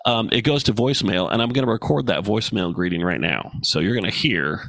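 A man's voice: fairly low pitch, lively intonation, a little fast, a bit bright, no echo. A man hosting his own podcast in a casual solo talk, blunt, profane and joking. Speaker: podcast host. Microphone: studio microphone with headphones.

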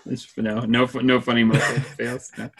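A man hosting a podcast, chatting in an easygoing, reassuring way and reading out listener messages. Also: medium pitch. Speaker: podcast host. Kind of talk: casual chat.

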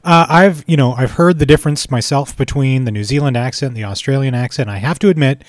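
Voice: medium pitch, fast, no room sound, clean studio sound. An interviewer asking casual questions in a playful, teasing way.

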